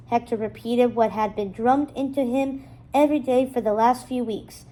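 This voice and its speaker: Mellow, fairly high woman for an expressive storybook read-aloud. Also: moderate pace. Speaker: storybook reader. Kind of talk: children's novel read-aloud.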